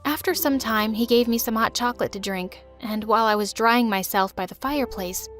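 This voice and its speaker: A young woman narrating a dramatic animated story in the first person, with emotive delivery. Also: a little high, brisk, faint music behind.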